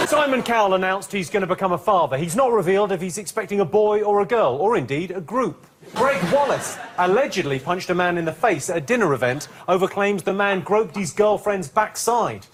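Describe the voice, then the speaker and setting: Deadpan high-voiced quiz host man. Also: fairly quick, few pauses. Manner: deadpan one-liners. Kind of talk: scripted comic quiz hosting.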